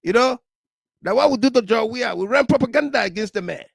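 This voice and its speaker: A man putting on a high, sing-song, mocking impression of a male political spokesman. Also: animated, vocal fry, breathy edge, dry recording, studio quality, heavily acted. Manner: sing-song, taunting, rapid.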